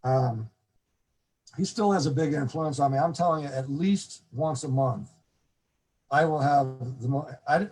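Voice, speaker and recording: A man's voice: medium pitch, slightly rough, poor audio. A man being interviewed, telling long, rambling anecdotes with frequent restarts and laughs. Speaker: interview guest, former ranch fairgrounds manager. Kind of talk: casual storytelling interview.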